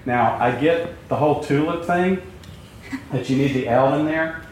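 A man's voice: fairly high pitch, measured pace, darkish tone. A man leads a Bible class in a loose, chatty way, full of ums, quips and questions to the room. He is heard from some distance in a very echoey room. A faint hum of room sound sits behind him. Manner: conversational, many fillers, jokes with class. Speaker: Bible teacher. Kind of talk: informal classroom teaching with questions.

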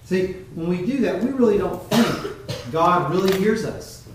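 A man preaching a sermon in a measured teaching tone, pausing often with fillers. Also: sits high, expressive, slight background noise. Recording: very echoey room, mic far off.

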